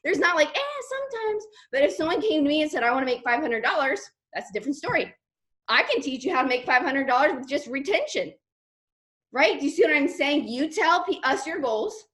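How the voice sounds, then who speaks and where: A woman leading a team call, talking in a chatty, animated way with lots of fillers. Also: high voice. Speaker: team leader on a sales call. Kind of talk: motivational team call talk.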